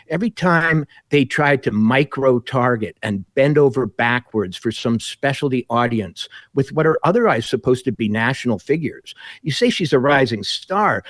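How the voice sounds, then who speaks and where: A man appearing as a guest commentator on a political talk show, speaking in a wry, halting way. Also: mid-range voice, fairly bright tone, no room sound, studio quality.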